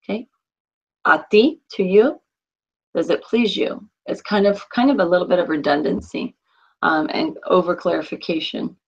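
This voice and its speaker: A woman's voice: fairly low pitch, normal speed, husky, dull audio. A woman teaching a Spanish class online, patiently correcting her students by name. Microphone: computer mic on a video call.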